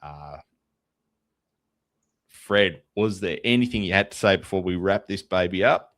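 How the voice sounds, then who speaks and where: A man's voice: deep voice, animated, unhurried, fairly bright tone, no echo. An Australian man hosting a casual sports podcast, chatty and openly a fan. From Tasmania, Australia. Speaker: podcast host.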